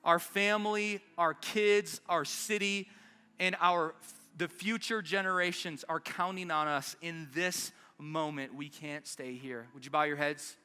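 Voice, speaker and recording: A man's voice: sits high, steady tone, unhurried, sharp tone, clear, resonant tone, big-room sound. A man preaching an impassioned sermon as pastor at a church service, urging his congregation forward. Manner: impassioned preaching, urgent rallying calls. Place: church service in South Denver.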